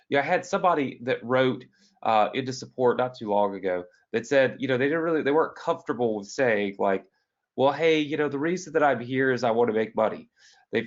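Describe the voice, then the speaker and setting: A man with a sick, hoarse voice hosts a live online business training from a hotel room. He talks to viewers in a chatty, upbeat way and asks them to answer yes. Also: medium pitch, muffled recording. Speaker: online business coach hosting a weekly training. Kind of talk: live webinar talk.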